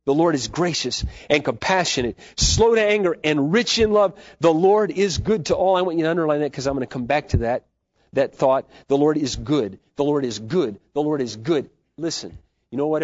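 A man preaching a sermon as pastor, swinging between loud, fervent declarations and soft, hushed asides. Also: mid-range voice, lively intonation, moderate pace, no room sound. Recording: dull, lo-fi sermon recording.

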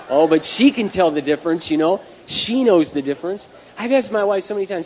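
A male pastor preaching a sermon, telling lively stories and counting off numbered points. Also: high-pitched, a little fast, few pauses. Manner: animated storytelling, numbered points. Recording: dull echoey hall recording, faint hiss.

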